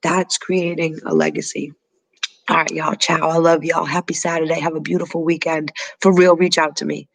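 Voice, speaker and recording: A man's voice: fairly high pitch, little pitch movement, moderate pace, gravelly, a bit bright, no echo, rough recording. A man who teaches yoga and meditation, giving an effusive, emotional, motivational sign-off on a live stream and repeating his thanks over and over.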